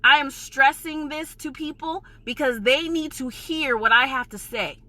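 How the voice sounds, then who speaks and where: New york lady going off in a vlog, high bright voice, cussing, passionate not angry. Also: measured pace, dry recording. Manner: heated, emphatic and profane, insisting she is passionate, not angry. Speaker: vlogger. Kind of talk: ranting vlog.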